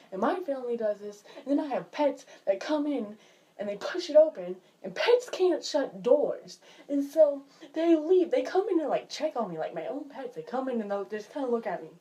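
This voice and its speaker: In a casual vlog, a woman with a slightly high, mellow voice and lively intonation speaks at a moderate pace. She comes across as chatty and exasperated, using "like" constantly.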